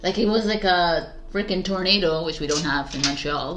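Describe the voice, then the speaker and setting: A woman's voice: fairly low pitch, moderate pace, fairly bright tone. A woman tarot reader talking casually to her viewers, chatty and rambling, with frequent fillers and asides to herself. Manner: rambling, chatty, lots of fillers and self-talk. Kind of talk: casual spiritual chat to camera.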